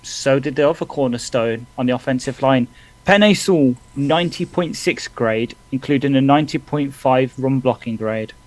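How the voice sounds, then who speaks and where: A man's voice: mid-range voice, rough recording. Man rattling off football stats. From England. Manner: quick, reads stats off in bursts. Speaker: podcast co-host. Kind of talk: casual live sports chat.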